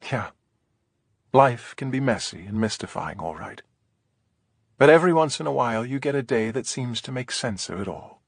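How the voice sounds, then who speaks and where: A man narrating an audiobook in a soft, whispered storytelling way, gentle and unhurried, close to the mic. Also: medium pitch, animated, creaky, no echo.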